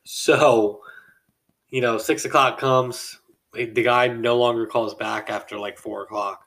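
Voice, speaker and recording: A man's voice: mid-range voice, steady tone, takes it slowly, fairly bright tone. Man rambling through a casual story. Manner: rambling, chuckles mid-sentence, acts out quoted people. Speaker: podcast host.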